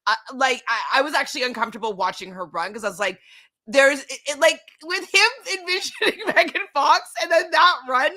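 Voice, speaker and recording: Bright-voiced woman giggling through commentary. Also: high-pitched, brisk. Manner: giggly, filler-heavy commentary. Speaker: recap show co-host. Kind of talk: casual recap chat.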